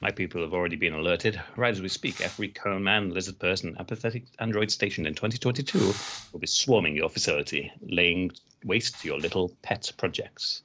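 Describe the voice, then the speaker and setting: A man's voice: low-pitched, fairly quick, pushed and bright, a little hiss or hum. A man reading a suave male villain who threatens his rival in a live script read-through. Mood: threatening.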